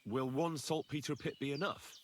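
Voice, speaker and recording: A man's voice: medium pitch, fairly even intonation, moderate pace, a little hiss or hum, close to an everyday voice. A man voicing an earnest, polite young blacksmith's son turned knight in a video game. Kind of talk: game character dialogue.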